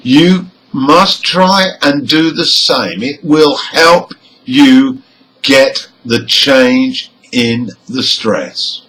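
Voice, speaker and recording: Slow, deliberate male English teacher. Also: medium pitch, a bit bright, rough recording. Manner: reads example words one by one with stress clearly marked; nods his head up on stressed syllables. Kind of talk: slow, deliberate pronunciation lesson.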